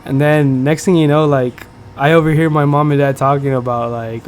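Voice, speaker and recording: A man's voice: mid-range voice, little pitch movement, moderate pace, few pauses, a little mellow, slight background noise. Profane young man telling a rambling story. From United States. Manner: profane, slangy, rambling with many fillers. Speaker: podcast host. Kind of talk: casual storytelling. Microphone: streaming setup.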